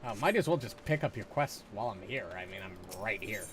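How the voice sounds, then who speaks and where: A man's voice: on the low side, expressive, fairly quick, a bit bright, a little hiss or hum. A man streaming a game live, talking in a casual, profane, self-mocking way.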